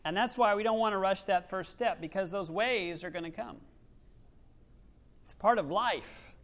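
A man preaching a sermon, swinging from loud emphasis to near-quiet asides and acting out quoted voices. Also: high-pitched, moderate pace. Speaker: pastor.

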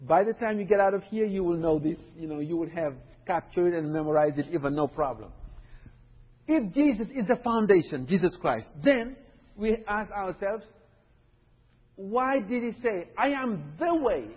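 Man, high voice, very lively pitch, husky, sermon, long hall echo. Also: normal speed. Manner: teaching, repeats points and checks in with "right?". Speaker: preacher. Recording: dull, echoey hall recording.

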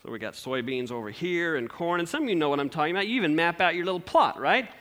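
A male pastor preaching a sermon through an animated story, asking the congregation questions. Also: fairly high pitch, quick pace.

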